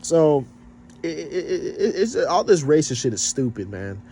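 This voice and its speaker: A man's voice: fairly high pitch, big pitch swings, normal speed, dark tone, slight background noise. A man vlogging in a casual rant, blunt and profane, sounding slightly stuffed up.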